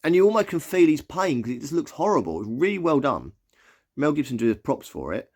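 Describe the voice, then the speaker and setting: A man chatting casually as he reads out film listings and gives his quick opinion on each. His voice is lively, swinging up and down in pitch as he talks. He stumbles a little when reading text aloud, then carries on in an easy, conversational way. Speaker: movie vlogger. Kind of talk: casual reaction commentary.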